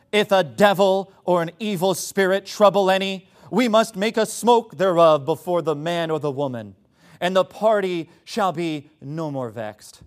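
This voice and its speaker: A pompous scripture reader intones in an affected mock-British voice that sits high and swings widely, as a preacher puts it on. The tone is sarcastic and pseudo-intellectual throughout. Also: male voice.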